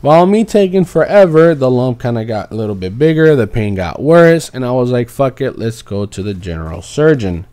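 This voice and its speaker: A young man at a middle pitch tells a story in a loose, rambling way. He swears a lot and sounds exasperated as he talks through it casually. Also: very animated, a little fast, hardly any pauses, warm tone, clean tone. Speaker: vlogger telling a personal story.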